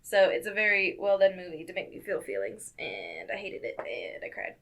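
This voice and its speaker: A woman's voice: lowish voice, very animated, a little fast, a bit bright. A woman co-hosting a casual movie podcast who talks bluntly, swears and laughs easily. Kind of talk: casual chat.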